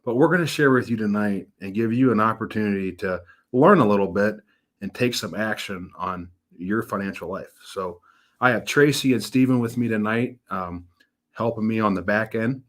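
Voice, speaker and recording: This is a man with a lowish voice speaking at a moderate pace, a financial advisor in his thirties. His casual webinar is folksy and upbeat, built around stories in which he imitates the different voices.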